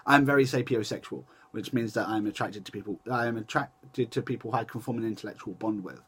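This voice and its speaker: A man's voice: fairly low pitch, brisk, husky. Rambling young man vlogging. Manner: rambling and chatty, with many restarts and self-corrections. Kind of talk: casual chat to camera.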